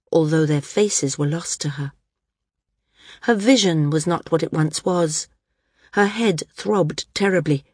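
A woman narrating a fantasy audiobook in a measured, descriptive way. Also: on the low side, darkish tone, breathy edge, no echo, clean studio sound. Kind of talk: scripted narration.

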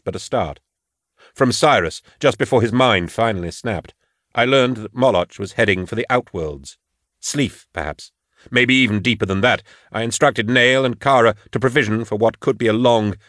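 A man narrating an audiobook in a measured, grave storytelling voice. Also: on the low side, a bit bright, no echo, studio quality. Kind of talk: scripted narration.

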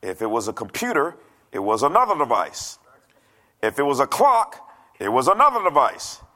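A man's voice: mid-range voice, huge pitch swings, normal speed, sharp tone. A middle-aged man preaching a sermon from a church stage, conversational and joking, acting out the voices he quotes. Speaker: pastor.

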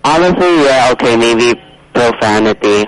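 A man's voice: mid-range voice, lively intonation, normal speed, low-quality recording. A man calling in to a radio show, hesitant and full of fillers as he objects. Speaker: caller. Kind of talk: call-in radio talk.

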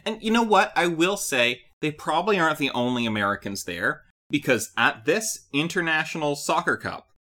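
A podcast co-host in a loose, joking movie review, voice swinging up and down with animated expression. The tone is bright and forward, and the delivery is playful and full of storytelling energy. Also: mid-range voice, moderate pace, few pauses. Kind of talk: casual comedic movie review.

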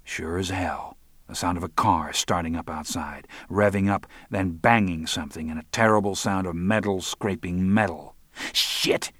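Deep-voiced male audiobook narrator. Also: moderate pace, no room sound.

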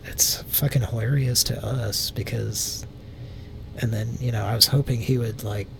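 A man's voice: steady tone, unhurried, vocal fry. A man with a Southern US accent hosting a live prank call show, rambling casually and swearing freely. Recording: noisy background rumble.

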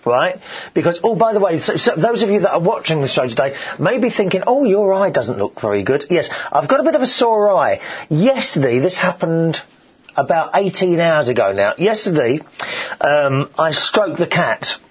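A man hosting a show, telling gossipy stories in a casual, animated monologue. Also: fairly high pitch, normal speed, husky. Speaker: show host.

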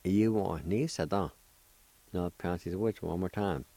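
A man hosting a radio language lesson, speaking deliberately and spelling out words syllable by syllable. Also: low-pitched, warm tone, dry recording. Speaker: radio host teaching a language.

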